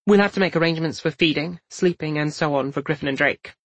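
A brisk, practical queen from a storybook reading, as a male narrator raises his pitch for her. She speaks quickly and gets straight to the point. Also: no echo. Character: brisk queen, adult woman.

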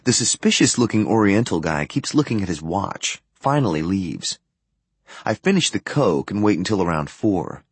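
A man's voice: deep voice, sing-song, normal speed, slightly rough, dry recording. A man reading a first-person novel aloud in a detached, matter-of-fact way. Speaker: audiobook narrator.

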